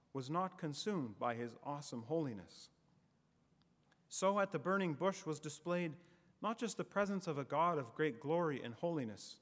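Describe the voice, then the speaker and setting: A man preaching a sermon in a measured, emphatic way, letting his phrases fall away at the ends. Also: on the high side, big-room sound.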